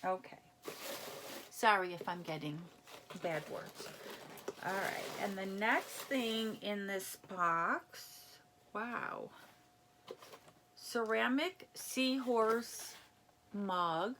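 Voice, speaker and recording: A woman chatting casually as she unboxes a gift package, reading labels aloud and reacting with excitement. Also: medium pitch, very slow, long pauses, a little hiss or hum. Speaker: unboxing vlogger. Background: crinkling packaging.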